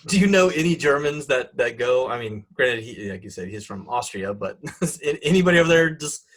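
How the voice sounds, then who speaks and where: A man's voice: mid-range voice, expressive, brisk. A man hosting a gaming podcast, talking casually in a rambling way full of fillers and chuckles. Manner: rambling, filler-heavy, chuckles between phrases. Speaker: podcast host. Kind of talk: casual chat.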